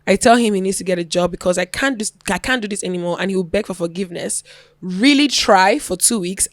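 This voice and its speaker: A woman co-hosting a podcast, reading a listener's story aloud in an animated way and laughing now and then. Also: mid-range voice, dry recording, studio quality. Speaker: podcast co-host.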